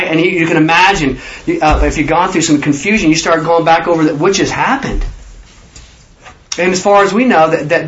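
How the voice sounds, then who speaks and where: A man's voice: a little high, fairly bright tone, lo-fi sound, a little hiss or hum. Rambling man leading a Bible study. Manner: rambling, acts out scripture figures. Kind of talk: informal Bible teaching.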